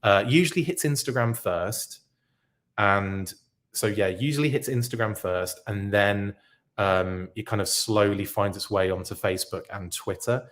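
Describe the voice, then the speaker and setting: A man's voice: on the low side, measured pace, a bit bright. A man hosting a live podcast stream, chatting casually and reading out viewer comments in a rambling, self-interrupting way. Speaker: podcast host reacting live.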